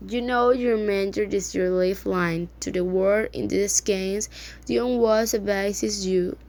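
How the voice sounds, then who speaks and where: A woman reading a novel aloud in a halting way, often stumbling over words and starting them again. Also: medium pitch, steady tone, a little mellow. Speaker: reader.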